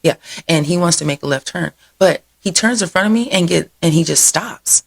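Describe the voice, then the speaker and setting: A woman's voice: fairly low pitch, moderate pace, vocal fry, husky. A woman hosting a local events show, chatting casually through upcoming happenings with rambling side stories, frequent laughs and plenty of "y'all". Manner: rambling, digressive storytelling; says "y'all" often.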